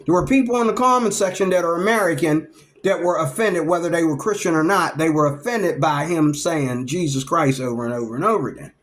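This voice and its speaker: A man vlogging in a casual storytelling monologue, lively and acting out the people he talks about. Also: a little high, a little fast. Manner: animated, acts out the people he describes.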